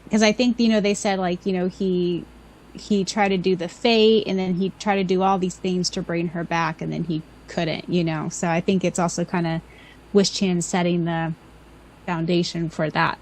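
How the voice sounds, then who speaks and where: A woman's voice: on the low side, fairly even intonation, moderate pace, a little mellow, a little hiss or hum, poor audio. A woman co-hosting a podcast, talking enthusiastically in a casual chat full of fillers. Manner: enthusiastic, filler-heavy, restarts often. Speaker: podcast co-host and audiobook reader.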